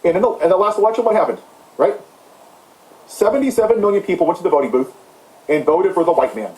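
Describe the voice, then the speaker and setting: Male commentator, high-pitched, mocking and heated, in an echoey room. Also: expressive, fast talker, a little mellow. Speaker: political commentator. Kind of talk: impassioned ranting monologue.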